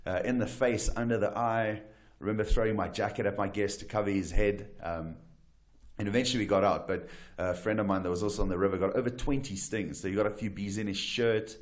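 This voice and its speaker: A man from South Africa, a wildlife guide and photographer, telling adventure stories as a talk show guest with lively, restart-filled delivery. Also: fairly low pitch, a little fast. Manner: animated storyteller, frequent restarts and "right?". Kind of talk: casual storytelling interview.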